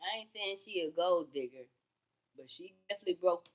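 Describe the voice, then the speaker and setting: A woman's voice: on the low side, fairly quick. A woman ranting straight to camera in a profane, rambling, heated way.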